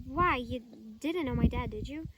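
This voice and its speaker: A woman's voice: sits high, normal speed, lightly acted. Woman reading as a determined teen boy wizard, Ukrainian-accented. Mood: shaken. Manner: urgent, raised voice in spell shouts. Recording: distant mic, loud outdoor background noise.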